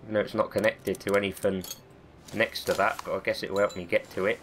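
A man's voice: fairly low pitch, little pitch movement, fast, a bit bright, a little hiss or hum. Man with a cold, swearing. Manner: chatty, swears often, self-mocking. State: has a cold. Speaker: gaming video host. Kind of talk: let's-play commentary.

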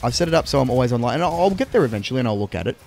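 A man's voice: mid-range voice, very animated, racing, vocal fry, darkish tone, a little hiss or hum. Rambling, swearing young man. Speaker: let's play co-host. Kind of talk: casual gaming chat.

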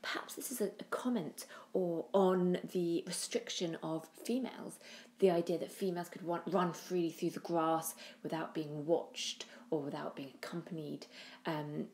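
A woman giving a poetry analysis lesson, thoughtful, with pauses and restarts, often trailing off quietly. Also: on the low side, fairly even intonation. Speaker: teacher.

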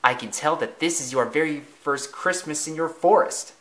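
A man voicing a friendly, cheerful male steam engine with a bright greeting. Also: on the high side, normal speed, close to an everyday voice.

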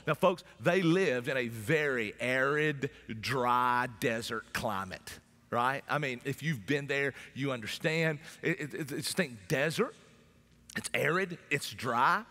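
A pastor preaching a sermon in a conversational way, at times breaking into loud shouts. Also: male voice, mid-range voice, expressive, unhurried. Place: church sanctuary. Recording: long church hall reverb.

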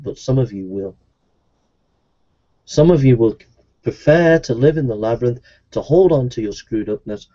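A man preaching an evangelistic sermon, pleading and repeating himself, his voice at times rising high. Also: dark tone. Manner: pleading, repetitive, with sudden rises into a high voice. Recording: dull lo-fi recording.

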